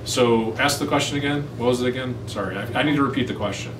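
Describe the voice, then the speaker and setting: A man's voice: mid-range voice, quick pace. A man chatting casually as an interview guest between takes, easygoing and teasing. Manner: easygoing, teasing, talks things through. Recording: echoey room, far from mic, steady background noise.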